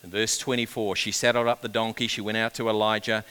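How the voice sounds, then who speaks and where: A man preaching a sermon, swinging between loud urgent build-ups and hushed, quiet passages. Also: lowish voice, flat delivery, quick pace, clear, resonant tone. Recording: long reverb of a large hall.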